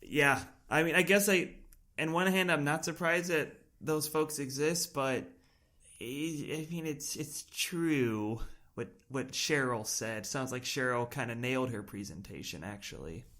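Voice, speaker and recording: Fields: Sex: man. Role: podcast co-host. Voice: mid-pitched. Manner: wry, dry humor, casual. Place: small apartment kitchen. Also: unhurried, pushed and bright. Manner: wry, dry humor with self-aware asides. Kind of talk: conversational podcast talk.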